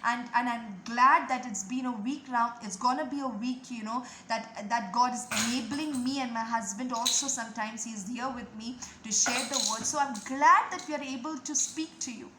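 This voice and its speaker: A woman's voice: a little high, moderate pace, few pauses, echoey room, noisy background. A woman preaching a devotional sermon and prayer to an online audience, with fervent, repetitive exhortation. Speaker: preacher and online video host.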